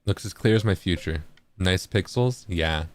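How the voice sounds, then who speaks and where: A man's voice: low-pitched, moderate pace. A young man streaming a video game, chatting playfully with his viewers and thinking aloud. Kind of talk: casual gaming commentary.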